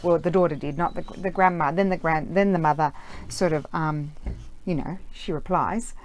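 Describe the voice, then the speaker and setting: Chatty, low-voiced woman crafting at home. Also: normal speed, darkish tone, a little hiss or hum. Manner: rambling, chatty, many ums and uhs. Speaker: craft vlogger. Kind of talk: casual chat while crafting. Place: room at home with window open.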